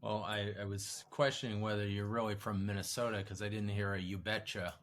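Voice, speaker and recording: Deep-voiced Chicago-accented man host. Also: level tone, a little fast, fairly bright tone. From Illinois. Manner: friendly, joking, easygoing questions. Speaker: podcast host. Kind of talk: podcast interview.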